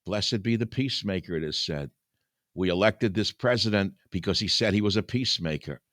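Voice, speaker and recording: Preaching older man, low dry voice. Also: brisk, fairly bright tone, no echo. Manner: preaching, rising to angry outbursts. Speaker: radio talk host. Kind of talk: impassioned monologue with scripture reading.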